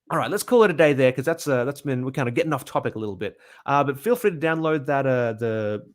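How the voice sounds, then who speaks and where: Young Aussie male bass teacher, casual live Q&A, upbeat, filler-heavy, mid-pitched. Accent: Australian. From Australia. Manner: chatty and upbeat, many filler "uh"s and restarts. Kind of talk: casual livestream Q&A.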